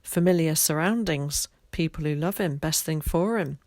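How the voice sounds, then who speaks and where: A brisk, no-nonsense doctor's wife with a husky voice who speaks in short, firm phrases, as a woman reads her. Low-pitched and dry, a storybook voice read close. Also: darkish tone, no echo, lightly acted.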